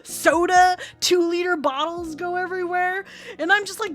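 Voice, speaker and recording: A woman's voice: extremely high pitch, steady tone, moderate pace, a bit bright. A woman, a streamer telling stories in a rambling, profane, laugh-filled way. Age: 30s. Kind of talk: casual storytelling chat.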